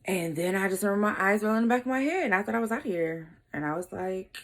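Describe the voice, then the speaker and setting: A young woman vlogger telling a personal story in a candid, casual way, brushing details aside with quick throwaway remarks. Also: mid-range voice, expressive. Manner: casual, shrugging asides like "blah, blah" and "whatever".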